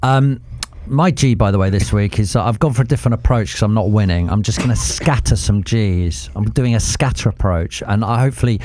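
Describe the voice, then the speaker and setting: A man's voice: fairly low pitch, fairly quick, hardly any pauses, a little mellow. A man with a southern English Mockney accent, co-hosting a podcast in jokey, casual banter. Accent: Mockney, south of England. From southern England. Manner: jokey, quiz-setting banter. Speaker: podcast co-host. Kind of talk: casual chat.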